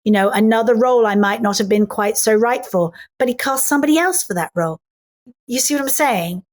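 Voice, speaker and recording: A middle-aged actress, a woman, chatting as an interview guest and telling animated stories full of acted-out lines. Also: on the high side, fairly quick. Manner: animated storyteller who acts out voices in quotes. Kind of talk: casual interview chat.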